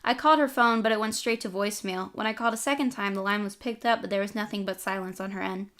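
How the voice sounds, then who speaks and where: A woman's voice: mid-range voice, fast talker. Woman reading a story aloud. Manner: steady first-person narration. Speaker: storybook reader.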